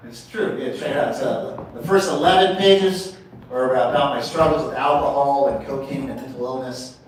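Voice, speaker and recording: A man's voice: medium pitch, normal speed, slight background noise. Forties male comic from Oregon, crude and profane, works the crowd; roomy venue sound, mic far off. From Portland, Oregon, USA. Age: 40s. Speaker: stand-up comedian. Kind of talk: open mic stand-up. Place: small comedy venue, indoors. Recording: echoey venue, distant mic.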